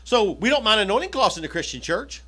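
A man preaching to his congregation with a high, bright voice. He talks in a chatty way, climbing to loud, emphatic points and then dropping low for side remarks. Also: big pitch swings, fast talker, husky. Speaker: pastor. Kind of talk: sermon. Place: church hall.

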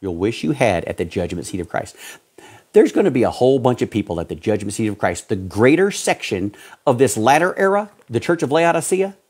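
A man preaching a sermon as a pastor, swinging between loud exhortation and hushed pleading. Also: mid-range voice, sing-song, brisk, husky.

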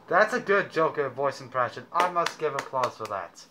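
A man's voice: medium pitch, lively intonation, moderate pace, noisy background. A man hosting a reaction video, talking casually and offhand in rambling remarks, muffled through a costume mask. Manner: rambling, offhand commentary with fillers. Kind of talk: casual chat.

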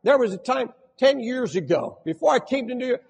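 An older man preaching a sermon as pastor, with fervent swings between shouting and hushed tones. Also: extremely high pitch, lively intonation, a little fast, creaky, hardly any pauses, husky, long reverb tail.

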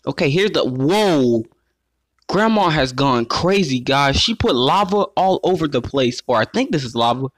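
Excitable young-sounding gamer guy, fairly high voice. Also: normal speed, no echo, clean studio sound. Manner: excitable, calls himself "your boy", keeps addressing viewers as guys. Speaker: gaming YouTuber. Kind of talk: let's play commentary.

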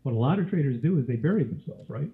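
Male trading instructor, mid pitch, a cough and a scratchy throat, quizzing style, tinny webinar audio. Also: expressive, fast, gravelly. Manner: quizzes listeners with frequent questions. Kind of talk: live webinar teaching.

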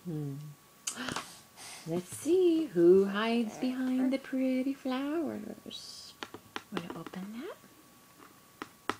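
A woman reading a picture book aloud to a toddler, in sing-song baby talk with gasps and soft whispers. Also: sits high, big pitch swings, very slow, pauses often, background noise.

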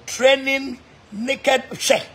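A woman's voice: sits high, fairly even intonation, drawn-out words, fairly bright tone. A Ghanaian woman mixing Twi and English in a mocking, laughing rant, taunting people online. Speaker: social media personality. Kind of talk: mocking live-stream rant.

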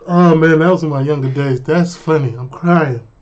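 A man's voice: a little high, moderate pace, a little mellow, lo-fi sound. A man giving amused, wisecracking commentary while reacting to a video. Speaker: reaction streamer.

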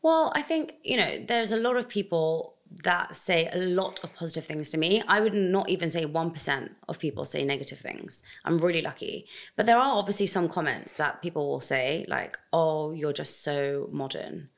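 A young woman talking in a casual interview, expressive and animated as she speaks her mind. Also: fairly low pitch, brisk, hardly any pauses. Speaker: podcast host, guest.

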